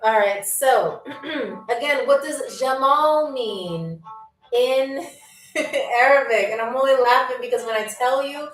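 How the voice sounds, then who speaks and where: A playful, teasing woman hosts a live online quiz, greeting viewers like airline passengers and fighting back giggles. Her voice sits fairly high and her delivery is unhurried. She sounds set back from the mic in an echoey room, with faint music underneath. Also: animated, distant mic. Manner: playful, teasing, often stifling laughter; plays a flight attendant welcoming passengers. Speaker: game show host. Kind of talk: live-stream quiz hosting, reading viewer comments.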